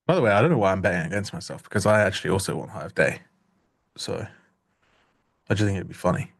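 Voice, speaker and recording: A man's voice: low voice, fast talker, vocal fry, breathy edge. Joking, rambling young male co-host. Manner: joking, rambling, self-interrupting. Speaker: livestream trading co-host. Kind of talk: casual live-stream chat.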